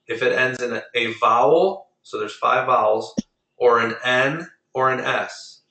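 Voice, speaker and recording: Bright-voiced man teaching a class. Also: medium pitch, unhurried, echoey room, far from the mic. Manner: patient, explains rules step by step, drills pronunciation. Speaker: Spanish teacher. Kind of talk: online class lesson.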